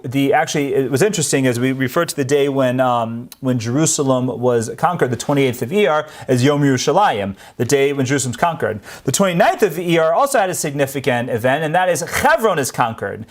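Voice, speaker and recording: A man giving an unscripted history talk, telling events as an earnest story and pressing hard on the points he cares about. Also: mid-range voice. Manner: earnest storytelling, grows emphatic on key points. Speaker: history presenter.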